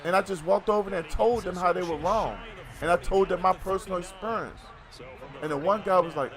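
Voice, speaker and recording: Middle-aged male streamer, high voice, loose and jokey, talks to chat while he plays. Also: a little fast, a crowd in the background. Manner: loose, joking, chatty with viewers. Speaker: gaming streamer. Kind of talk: casual live-stream chat while playing.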